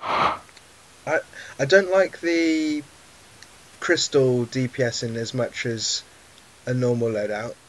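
A man co-hosting a casual gaming podcast, teasing the others and letting his sentences trail off quietly. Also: medium pitch, fairly even intonation, slow, pauses often, rough recording. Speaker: podcast co-host.

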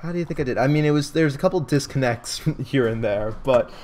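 A man's voice: medium pitch, brisk, darkish tone. Young man chatting on a game stream. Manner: joking, laughs often. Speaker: let's play co-host. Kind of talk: casual livestream chat.

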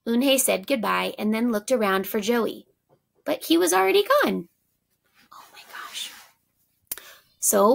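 A woman teacher reading a picture book aloud to young children, stopping now and then to ask for their predictions. She reads at a slow, deliberate pace with a gravelly edge to her voice. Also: a little high. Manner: pauses to ask prediction questions, warm asides.

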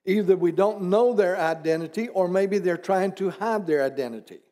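In church, a male pastor with a high, mellow voice preaches at a moderate pace in a conversational style. He puts rhetorical questions to the congregation and slips in teasing asides.

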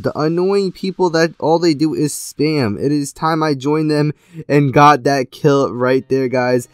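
A young man giving gameplay commentary, excitable, jumping from loud outbursts to low mumbling. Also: normal speed, no echo, faint music behind. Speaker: gaming YouTuber.

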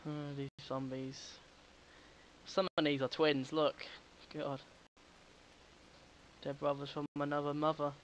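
Recording at home, a man plays a video game and riffs on it, joking, talking to the characters, and swearing from time to time. He has a mid-range, fairly bright voice. The audio is poor, with a little hiss or hum.

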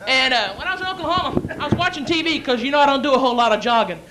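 A young man who tells brash, rowdy stories as a stand-up comic and MC. His voice sits high and bright, and he speaks on a comedy club stage with faint noise underneath. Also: expressive, very fast. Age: young adult.

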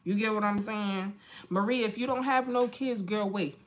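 A woman's voice: medium pitch, moderate pace, slight background noise. A young woman chatting casually to viewers at home as a makeup vlogger and mom, frank and slangy, laughing often. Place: home with children nearby.

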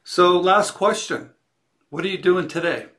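A man's voice: high voice, a little slow, fairly bright tone. Man asking short interview questions. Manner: brief, admiring questions.

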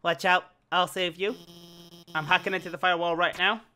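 A man voicing an eager, nervous female scientist with a hurried delivery. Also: sits high, flat delivery, bright, forceful tone, a little hiss or hum.

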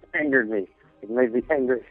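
A man's voice: medium pitch, a little fast, faint music behind. A man leaving a voicemail, earnest and indignant. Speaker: voicemail caller. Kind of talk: voicemail message. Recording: tinny phone voicemail.

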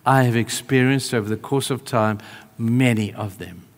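In a church hall, a man preaches a conversational sermon at medium pitch and moderate pace. He shifts between emphatic calls and hushed, tender asides.

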